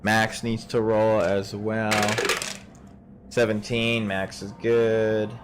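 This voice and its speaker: A man narrating a tabletop game as game master, relaxed and rambling, with plenty of filler words. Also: fairly low pitch, takes it slowly, background noise.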